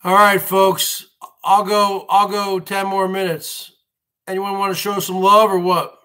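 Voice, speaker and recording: With a high, sharp voice and a level tone, a man hosts a livestream at a measured pace. He rants through a rambling, repetitive monologue, frequently speaking to his viewers as folks.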